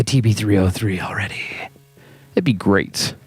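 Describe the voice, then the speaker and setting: A man's voice: on the low side, a little slow, breathy edge, dry recording. A man hosting a hands-on synth demo, talking casually in a playful, joking way with rambling asides. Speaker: host and synth musician.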